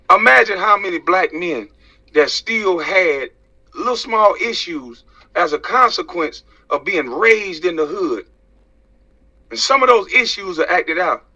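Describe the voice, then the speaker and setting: A man's voice: high voice, bright, forceful tone. An American man delivering a heated, profane rant to camera, preaching and firing rhetorical questions. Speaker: social media commentator. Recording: dull lo-fi sound.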